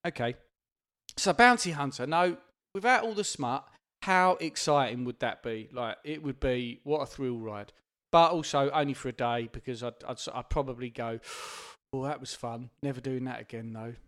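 A man's voice: mid-range voice, moderate pace, a bit bright. A man co-hosting a podcast, chatting loosely with crude jokes and frequent laughter. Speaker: podcast co-host. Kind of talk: casual comedic chat.

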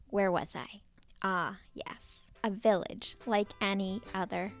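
A woman narrating a children's story in a playful, expressive way, at times dropping to a whisper. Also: medium pitch, slow pace, no echo, soft background music.

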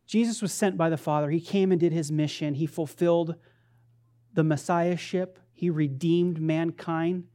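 A woman preacher giving a sermon in a conversational, playful, animated storytelling manner. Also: low voice, normal speed.

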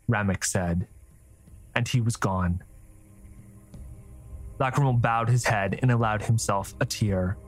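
A man narrating a scripted fantasy story with a steady storytelling delivery. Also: lowish voice, slow pace, long pauses, faint music behind.

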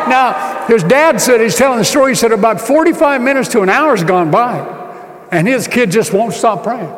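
A man preaching a sermon, telling a story with acted-out dialogue and rising to shouts. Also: very high voice, lively intonation, moderate pace, big-room sound. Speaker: pastor.

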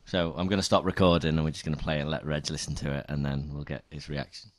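Young English male co-host, low voice, relaxed matter-of-fact chat. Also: quick pace. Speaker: podcast co-host. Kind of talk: casual chat.

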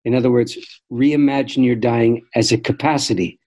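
An older man speaks as an interview guest in a warm, mellow voice at a mid pitch. He tells stories reflectively and measuredly, often restarting his sentences. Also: fairly even intonation, poor audio. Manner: thoughtful, measured, frequent restarts. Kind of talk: reflective storytelling conversation.

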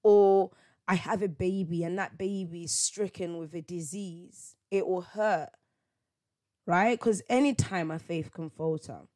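A woman's voice: lowish voice, measured pace, darkish tone. Reflective woman musing aloud. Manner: reflective, conversational, full of rhetorical questions. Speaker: podcast host. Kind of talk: solo faith podcast monologue.

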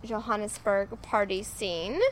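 A young woman co-hosts a casual podcast, her voice sitting at an ordinary middle pitch. She rambles through stories, full of ums and asides. A faint hiss of noise sits under the recording. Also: steady tone, a little slow. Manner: chatty, rambling storyteller with many ums. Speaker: podcast co-host. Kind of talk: casual true-crime chat.

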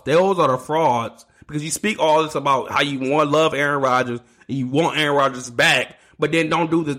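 A man's voice: a little high, a bit bright. A man hosting his own sports podcast, ranting heatedly, swearing and stumbling over his words. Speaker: podcast host. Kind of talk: solo sports podcast rant.

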